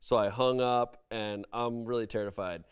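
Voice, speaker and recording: A man with a smooth, clear voice at an ordinary middle pitch hosts a relaxed comedy podcast. He reads online posts aloud and breaks off for wry, amused asides. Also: normal speed. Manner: wry, amused commentary between read passages. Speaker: podcast host reading online stories aloud. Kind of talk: casual comedic podcast chat and reading aloud.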